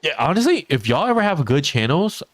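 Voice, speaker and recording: A teacher streams a farming game, chatting casually with viewers, answering chat, and laughing often. His voice is on the high side with big pitch swings and a brisk pace, over soft background music.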